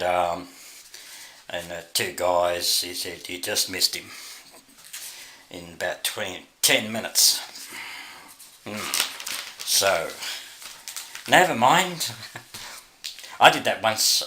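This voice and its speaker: A man's voice: fairly low pitch, pushed and bright, a little hiss or hum. An Australian man vlogging in a casual, rambling way, chuckling often and losing his thread. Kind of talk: casual chat to camera.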